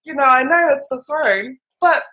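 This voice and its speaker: A woman with a New Zealand accent chatting as a guest, earnest and animated. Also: sits high, normal speed, slight background noise, poor audio. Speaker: podcast guest. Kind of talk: casual chat.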